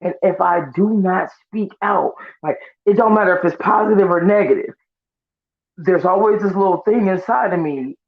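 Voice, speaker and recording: A man telling an animated, profane story about speaking his mind, on a live online audio chat. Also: high voice, moderate pace, creaky. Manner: loud, profane, acts out voices. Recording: tinny phone-line audio.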